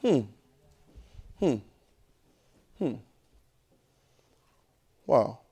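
A man preaching a sermon, emphatic and repetitive, who swings from shouts to quiet asides and keeps asking the congregation rhetorical questions in colloquial speech. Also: mid-range voice, big pitch swings, extremely slow, slightly rough, dry recording.

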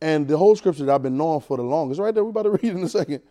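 High-voiced preacher, lively call-and-response. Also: male voice, very fast. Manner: animated, repeats words, teaches by asking the crowd.

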